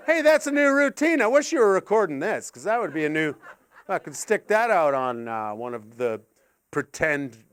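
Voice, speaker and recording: A Canadian man performing stand-up comedy on stage, animated and swearing, slipping into silly voices. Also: on the high side, smooth.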